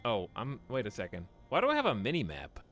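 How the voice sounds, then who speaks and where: A male game streamer talking casually to his chat while he plays, musing aloud and laughing at his own jokes. His voice is bright and swings widely in pitch. Faint game music plays underneath. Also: huge pitch swings, quick pace. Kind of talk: casual gameplay commentary.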